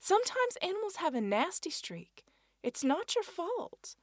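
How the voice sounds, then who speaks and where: Woman voicing kind young waitress, soft coaxing tone, storybook read, dry recording. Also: sing-song, a little slow, no echo, exaggerated voice. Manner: soft, coaxing, raised pitch. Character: kind young woman diner worker, gentle.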